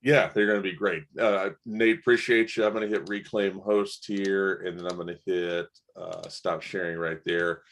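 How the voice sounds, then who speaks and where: Deep-voiced man hosting. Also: normal speed, few pauses. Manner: relaxed, friendly, thanks guests. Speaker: event host. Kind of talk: hosting a virtual conference.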